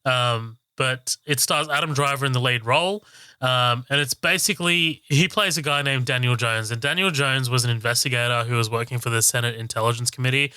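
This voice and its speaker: Bright, crisp-voiced male podcast host. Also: mid-range voice, brisk, no room sound. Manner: loose and profane, with laughs and self-corrections. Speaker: podcast co-host and film reviewer. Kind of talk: casual film podcast chat.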